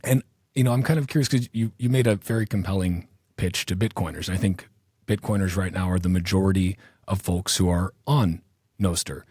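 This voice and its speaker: A man hosts a podcast in a very low, deep voice. He talks in a loose, chatty way, wandering into asides and stacking long questions. The recording is dry and close. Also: steady tone, a little fast, darkish tone, slightly rough, dry recording. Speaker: podcast host. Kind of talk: casual interview talk.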